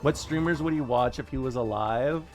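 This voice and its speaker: A man streaming live, chatting casually and wryly with his viewers, quick to joke and to deny things. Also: medium pitch, soft background music.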